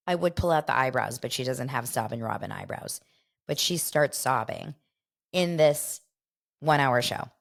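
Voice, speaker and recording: A woman hosting a casual gossip podcast, telling a story with lively retelling of who said what. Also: normal speed. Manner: animated storyteller, acts out quotes in a higher voice. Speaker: podcast host.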